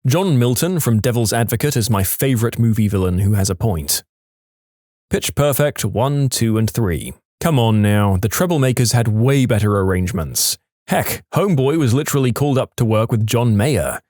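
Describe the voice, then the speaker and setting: A man's voice: medium pitch, animated, moderate pace, darkish tone, no echo, clean studio sound. A man narrating reader-submitted stories in a wry, scripted storytelling delivery.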